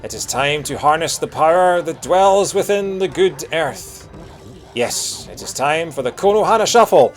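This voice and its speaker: A Scottish man voicing a solemn old village elder, speaking slowly and grandly in a pompous, theatrical way. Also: fairly high pitch, expressive, faint music behind, pitched above the performer's own voice, lightly acted.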